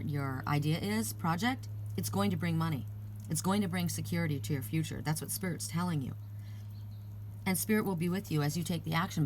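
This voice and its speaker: A woman's voice: lowish voice, slight background noise. A woman giving a casual spiritual card reading, rambling and reassuring, with asides and restarts. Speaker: oracle card reader.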